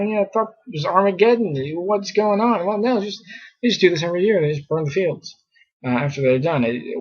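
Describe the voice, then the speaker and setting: Casual scripture teacher, male, husky and fairly high, muffled lo-fi recording. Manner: conversational, many fillers, mockingly exasperated.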